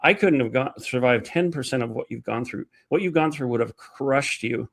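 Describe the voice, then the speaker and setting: A man's voice: mid-range voice, moderate pace, gravelly. A man hosting a heated interview, speaking with indignation that rises into outrage. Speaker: host.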